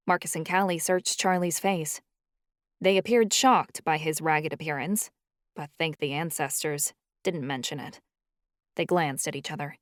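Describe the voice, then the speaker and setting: A woman narrating a first-person audiobook in a steady storytelling manner on a close mic. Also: low voice, unhurried, no echo.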